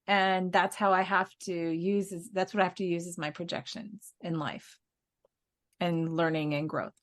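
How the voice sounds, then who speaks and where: A woman's voice: fairly low pitch, fairly even intonation, normal speed. A woman co-hosting a casual spiritual podcast, telling stories in an earnest way and laughing now and then. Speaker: podcast co-host.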